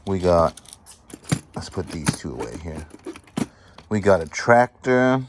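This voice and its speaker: A man with a low, deep voice gives casual show-and-tell commentary on his finds. He talks in an excited, chatty way and sizes up the value of each item aloud, with a faint hiss of background noise under him. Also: takes it slowly. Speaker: vlogger sorting a storage unit find.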